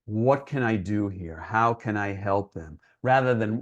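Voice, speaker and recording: A man's voice: on the low side, unhurried, lo-fi sound. A man giving an educational talk for parents in an earnest, reassuring, conversational way. He often checks in with his listeners by asking "right?". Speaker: presenter for parents. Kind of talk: educational presentation.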